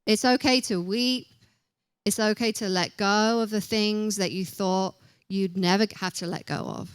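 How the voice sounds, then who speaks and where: A woman's voice: medium pitch, fairly even intonation, measured pace, clean tone, no room sound, clean studio sound. A young woman preaching a casual sermon in a chatty, self-deprecating way, acting out little quotes as she goes.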